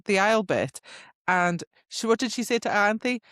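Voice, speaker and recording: A woman's voice: mid-range voice, lively intonation, normal speed, fairly bright tone, dry recording, studio quality. A woman co-hosting a podcast, recapping a book in a chatty, rambling way and laughing often. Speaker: podcast co-host. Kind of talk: casual book discussion.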